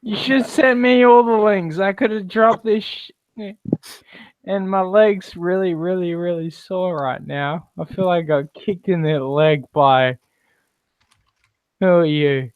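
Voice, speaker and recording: A man drawls slowly through casual call banter, brash and teasing, with plenty of swearing. The audio is dry and dull, like a cheap call mic. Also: high voice, clean tone, dry recording. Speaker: hangout participant. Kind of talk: casual chat on an online call.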